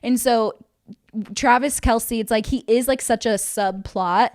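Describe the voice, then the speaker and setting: A woman's voice: a little high, measured pace, a little mellow. A young woman co-hosting a podcast, chatting casually with lots of filler words. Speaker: podcast co-host. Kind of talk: casual chat.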